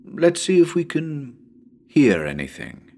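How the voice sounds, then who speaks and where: A man's voice: wildly swooping pitch, a little slow, mellow. A man reading as a jumpy radio ghost hunter. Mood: hushed. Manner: talks straight to listeners, exclaims then lowers his voice. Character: man hosting a live radio ghost hunt, jumpy and chatty. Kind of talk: dramatic reading of a story.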